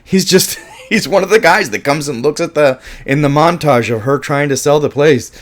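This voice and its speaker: A man's voice: fairly high pitch, moderate pace. A man giving a casual film review monologue, emphatic and passionate, swearing often and restarting his sentences.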